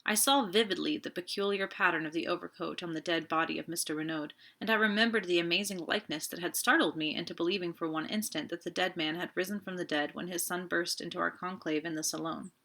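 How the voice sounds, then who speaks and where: A woman narrating an audiobook in a steady, measured storytelling manner. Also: fairly low pitch, vocal fry. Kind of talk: audiobook reading.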